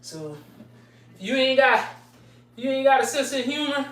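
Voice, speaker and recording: A woman's voice: high-pitched, animated, moderate pace, a bit bright. A woman streaming a workout live, counting her push-up reps aloud, winded and sighing between sets, trading slangy trash talk. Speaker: fitness streamer. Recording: echoey room, far from the mic.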